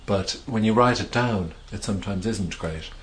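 A man's voice: lowish voice, normal speed. A middle-aged male author being interviewed, talking thoughtfully with hesitations and restarts. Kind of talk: reflective conversational interview.

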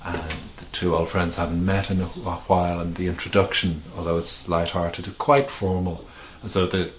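Man, middle-aged, very low voice, reflective interview talk, halting restarts, faint background hum. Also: little pitch movement. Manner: thoughtful, hesitant, many restarts and fillers. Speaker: author being interviewed.

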